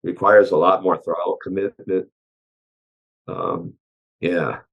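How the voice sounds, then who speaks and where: Man, hoarse, low gravelly voice, husky, relaxed technical talk, hesitant fillers, dull lo-fi recording. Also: takes it slowly. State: hoarse from allergies. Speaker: chassis engineer guest. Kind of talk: casual technical interview answers.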